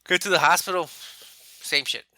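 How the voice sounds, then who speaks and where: A man's voice: a little high, moderate pace, dry recording. A man speaking as a podcast guest, candidly telling his own story in casual talk and acting out what others said. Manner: candid, animated, quotes himself and others.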